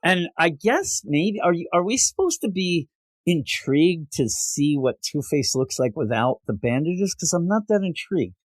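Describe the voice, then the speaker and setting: A man's voice: a little high, big pitch swings, moderate pace, no room sound. A man co-hosting a comic book podcast in casual chat, laughing often and acting out characters' lines. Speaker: podcast co-host.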